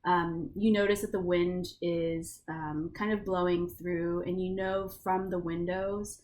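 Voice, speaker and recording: Lady game master narrating a tabletop game, lower voice, chill and rambly, faint hum behind. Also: flat delivery, measured pace, a little mellow. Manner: casual, filler-heavy narration.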